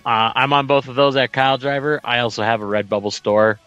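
A man's voice: mid-range voice, steady tone, fairly quick, fairly bright tone, smooth, highs cut off, soft background music. A man co-hosting a wrestling radio show, dryly plugging his social media in a rambling way. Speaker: co-host. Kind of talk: casual wrestling radio banter.

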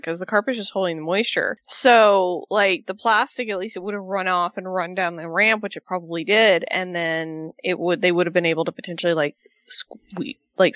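Chatty woman with a bright, dull-toned voice. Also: mid-range voice, dry recording. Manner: chatty, animated, rambling asides. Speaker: podcast co-host. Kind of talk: casual wrestling recap chat.

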